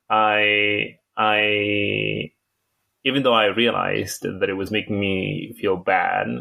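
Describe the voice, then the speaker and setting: A man talking slowly and thoughtfully in a casual film club discussion, pausing often and restarting his sentences over a video call. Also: fairly low pitch, flat delivery, vocal fry, sharp tone. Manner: hesitant, thoughtful, many pauses and restarts.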